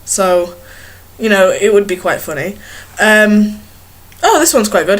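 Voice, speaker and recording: A young woman vlogger chats casually to a webcam in a small bedroom, her medium-pitched voice expressive and her pace measured. She rambles, giggles at herself, and pokes fun at her own words.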